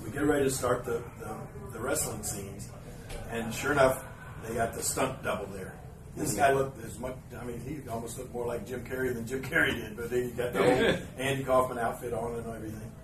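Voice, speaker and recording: Man, live storytelling host, animated, chuckling, echoey room, background noise. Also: mid-range voice, a little fast. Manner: animated, chuckles often, acts out scenes. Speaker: podcast host telling a story to live fans. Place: live event room with an audience. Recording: roomy, distant live recording with ambient noise.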